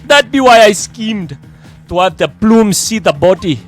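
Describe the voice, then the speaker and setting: A boisterous, swaggering pirate bellows his slang in a Jamaican-style accent, pitched high and loud, as a man puts him on while reading game dialogue. He sounds brash and pleased with himself, and faint music plays behind him. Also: expressive, a little slow. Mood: gloating. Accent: put-on Jamaican-style pirate accent. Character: brash anti-vegan male pirate.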